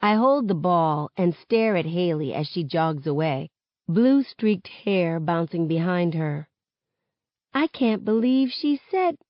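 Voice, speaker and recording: A woman reading a novel aloud in first person, with expressive narration. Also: lowish voice, dry recording. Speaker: reader. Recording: dull, close, dry audio.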